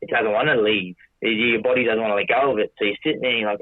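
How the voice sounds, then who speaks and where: A man's voice: fairly low pitch, steady tone, fast, no room sound. A man telling a long story casually, with many restarts, swearing, and quoting himself in dialogue. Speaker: podcast guest. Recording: dry tinny phone-like audio.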